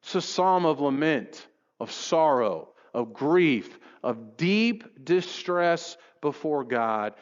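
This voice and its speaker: Impassioned preacher in an echoing hall. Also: male voice, sing-song, takes it slowly, few pauses. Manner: impassioned, rises high reading scripture aloud. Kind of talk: sermon. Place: church sanctuary. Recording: dull lo-fi recording in a reverberant hall. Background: long church reverb.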